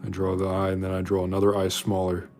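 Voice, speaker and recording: A man's voice: deep voice, completely flat delivery, fast, a little mellow, faint music behind. A man casually chatting with viewers while drawing their requests, rambling and self-deprecating.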